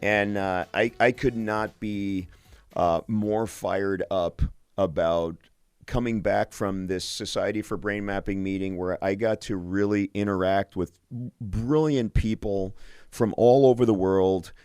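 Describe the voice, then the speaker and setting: Enthusiastic male radio host, smooth and dry. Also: lowish voice, steady tone, measured pace, darkish tone, dry recording, soft background music. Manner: enthusiastic, with frequent restarts and repeated words. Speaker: radio show host, physician. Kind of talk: solo radio talk.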